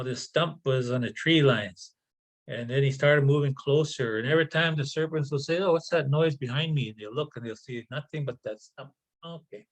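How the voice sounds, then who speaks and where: A man tells a traditional tale in a relaxed, conversational way over a video call. He often halts and repeats words, and breaks off for casual asides. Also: medium pitch, poor audio. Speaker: storyteller. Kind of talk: oral traditional storytelling.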